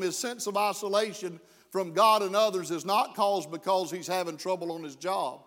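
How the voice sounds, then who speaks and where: A middle-aged man preaching a sermon, folksy and self-deprecating, rising to slow emphatic pleas. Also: sits high, a bit bright. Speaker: pastor. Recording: long hall reverb.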